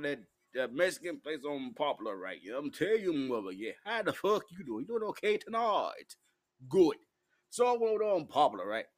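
A man, rambling profanely through a live-stream monologue while intoxicated. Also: fairly high pitch. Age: 40s. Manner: profane, rowdy, loose storytelling.

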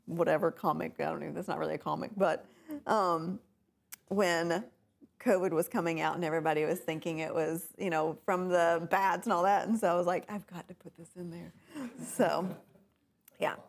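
A woman teaching a bible class, unhurried and often laughing with her students. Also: on the low side, fairly even intonation, vocal fry. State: tickle in throat, coughing.

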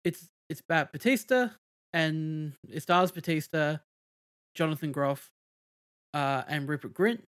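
Casual male podcaster, somewhat high-pitched, loose rambling delivery with fillers. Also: measured pace, fairly bright tone, smooth. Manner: rambling, many fillers and restarts. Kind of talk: casual movie review chat.

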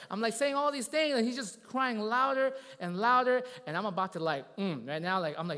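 A man preaches in a church, telling a story with animated, conversational energy and a running "right?" to his listeners. His voice sits a little high for a man. The sound carries the long reverb of a large hall. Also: brisk, hardly any pauses. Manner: animated, conversational, asks many tag questions. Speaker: pastor. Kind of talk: sermon with a told story.

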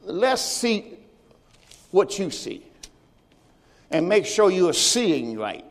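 Man preaching a sermon, call-and-response, high animated voice, long hall reverb. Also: slow. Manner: call-and-response preaching, has the congregation repeat phrases. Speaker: pastor. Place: church service.

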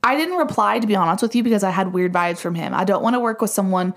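A woman's voice: medium pitch, quick pace, creaky. Chatty woman telling a story. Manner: chatty, animated retelling with many fillers. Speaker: storyteller on a podcast. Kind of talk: casual chat.

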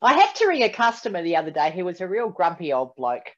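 An Australian woman co-hosts a relaxed podcast chat, talking quickly and laughing easily. Her voice has a very animated pitch that rises and falls a lot. The audio sounds dull and lo-fi. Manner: chatty, laughs often, quick talker. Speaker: podcast co-host. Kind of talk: casual chat.

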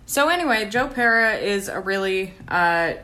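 A woman's voice: mid-range voice, animated, moderate pace, sharp tone. A Canadian woman co-hosting a casual chat, blunt and enthusiastic, swearing freely. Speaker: podcast co-host.

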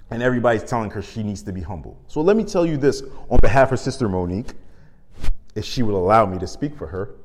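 A man hosting his own show, delivering a comic, impassioned rant full of profanity that swings from loud to muttered. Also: medium pitch, big-room sound. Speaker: show host. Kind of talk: comedic monologue rant.

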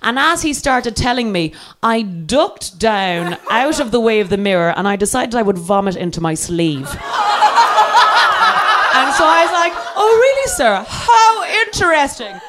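A young Irish woman telling a comic personal story, lively and self-mocking, acting out the voices she quotes. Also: medium pitch, moderate pace, a loud crowd. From Ireland.

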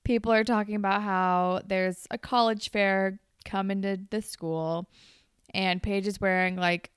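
A woman's voice: medium pitch, steady tone, measured pace, smooth, dry recording. A young woman co-hosting a casual podcast chat, laughing often and filling her talk with "like". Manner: laughs often, lots of fillers like "like". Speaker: podcast co-host.

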